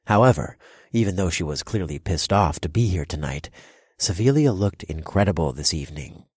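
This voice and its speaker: A man narrating a first-person dark romance audiobook in a measured, brooding manner with a husky voice. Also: sits low, animated, no echo, clean studio sound.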